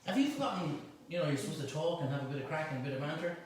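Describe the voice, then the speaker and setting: A man's voice: fairly high pitch, animated, racing. Chatty Irish man cooking in an echoey kitchen. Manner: chatty, teasing banter with helpers. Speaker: cooking show host. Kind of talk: live cooking demonstration. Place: home kitchen. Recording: echoey kitchen, mic at a distance, faint noise.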